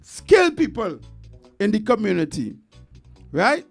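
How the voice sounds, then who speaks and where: A Trinidadian man speaks slowly and earnestly, laying out his points one at a time in a fairly high voice. He sounds like he's hosting a community talk, with faint music under him. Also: huge pitch swings, gravelly, slightly rough. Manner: earnest, measured, lists points deliberately. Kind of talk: casual discussion.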